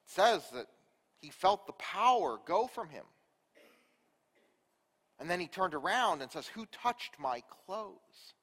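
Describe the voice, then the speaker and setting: Male pastor, sermon delivery, high pitch, unhurried storytelling, reverberant hall. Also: sing-song, husky. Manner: storytelling, rhetorical questions, big swings in loudness. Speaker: preacher.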